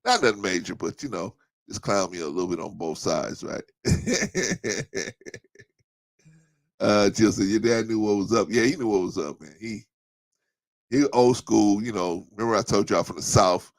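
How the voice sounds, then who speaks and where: A man's voice: fairly low pitch, lively intonation, measured pace, gravelly, no room sound. A middle-aged man hosting a casual livestream, telling stories in a laid-back way, repeating himself and reading out chat comments. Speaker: livestream host. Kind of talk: casual live-stream chat.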